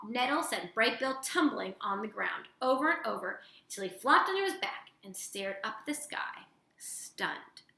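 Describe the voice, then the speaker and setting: Animated woman reading a storybook. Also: mid-range voice. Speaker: storybook reader. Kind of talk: expressive read-aloud narration. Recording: roomy echo.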